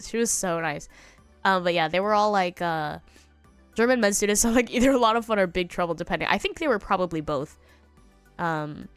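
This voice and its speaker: A young American woman chats casually on stream, rambling, giggling and acting out quotes in a higher voice. There's no room sound in the recording.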